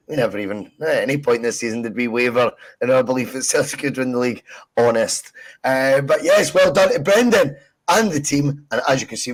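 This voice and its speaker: A man's voice: mid-range voice, rough recording. A man hosting a podcast, chatting casually with jokey, self-mocking banter. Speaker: podcast host. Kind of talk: casual chat.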